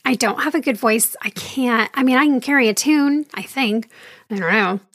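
A woman's voice: on the high side, moderate pace, fairly bright tone, no room sound, studio quality. A woman telling a candid personal story about her faith in a conversational monologue, with wry asides and the occasional sigh. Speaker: speaker sharing her faith journey.

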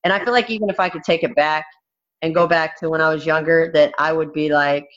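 A woman's voice: low-pitched, fairly even intonation, fairly quick, lo-fi sound. A woman fighter speaking bluntly and frankly in a candid interview, swearing freely.

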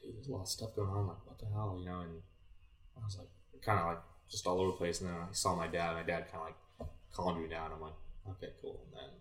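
Deep-voiced young man, echoey and distant. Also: fast talker. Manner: animated, acts out his own past remarks, many "like" fillers. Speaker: podcast guest, former college baseball player. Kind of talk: casual storytelling chat. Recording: echoey room, voice distant from mic.

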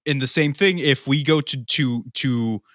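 Guy cohosting a podcast, bright sharp voice, dry close sound, swears a lot and cracks jokes. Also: medium pitch, a little slow, no room sound. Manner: profane, joking, drives the topic. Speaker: podcast co-host. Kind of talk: casual chat.

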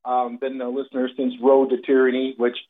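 A man's voice: medium pitch, completely flat delivery, a little fast. A man calling in to a radio show, speaking hesitantly and full of fillers. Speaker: caller. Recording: phone line.

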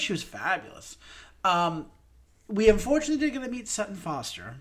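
A young man co-hosting a podcast, talking in a loose, chatty way and slipping in puns. He gets animated when he gushes about something he loved. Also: high voice, quick pace. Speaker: podcast co-host. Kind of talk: casual chat.

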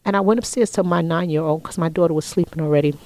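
A woman in her forties telling a personal story in an interview, heartfelt, often dropping to a soft whisper when quoting family. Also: sits low, quick pace, low-quality recording. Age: 40s. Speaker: interview guest.

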